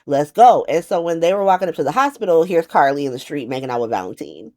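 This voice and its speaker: A woman giving a casual, slangy recap to camera, animated and profane, often laughing and slipping into quick playful voices. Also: sits low. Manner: does quick playful voices for quoted characters. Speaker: soap opera recap vlogger.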